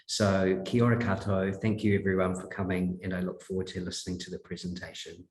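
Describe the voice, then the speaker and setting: Deep flat-voiced New man, echoey. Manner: measured, presenter-like. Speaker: host introducing the speaker. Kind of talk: event introduction. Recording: roomy echo.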